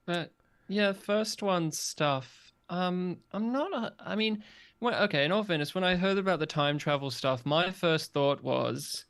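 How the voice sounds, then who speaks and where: A man co-hosting a casual podcast chat, animated and joking, often acting out quoted lines. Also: on the high side, normal speed, gravelly, smooth. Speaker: podcast co-host.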